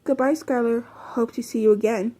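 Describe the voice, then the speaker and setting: A woman voicing a calm, polite male animatronic bear in a storybook reading. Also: a little high, moderate pace, close to an everyday voice. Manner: calm and gentle.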